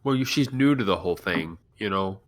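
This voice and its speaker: A man at a streamed tabletop game talks in an awkward, jokey way. His pitch swings widely, and he often stumbles and restarts. It sounds like casual play among friends. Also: expressive, fairly quick. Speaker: player.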